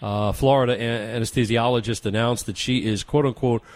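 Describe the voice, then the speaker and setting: A man's voice: medium pitch, fairly even intonation, fairly quick. A man hosting a talk radio show, delivering opinionated commentary with emphatic, rhetorical repetition.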